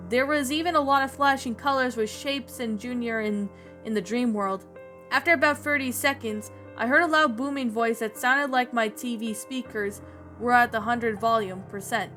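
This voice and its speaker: A woman reading a creepy story aloud in a plain, slightly halting way. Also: on the high side, bright, forceful tone, faint music behind.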